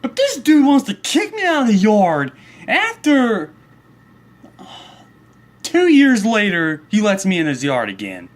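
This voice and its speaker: A man's voice: high-pitched, huge pitch swings, measured pace, long pauses. A man telling a story in a comedic angry rant, profane and worked up, rambling along with restarts. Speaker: vlogger.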